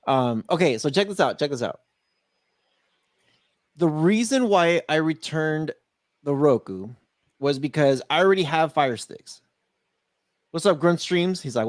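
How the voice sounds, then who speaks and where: A man's voice: a little high, expressive, measured pace, pauses often, no room sound, clean studio sound. A man co-hosting a casual streaming podcast, laughing a lot and reading out viewer comments. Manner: giggly, laughs often, reads out chat comments. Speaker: podcast co-host. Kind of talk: casual livestream chat.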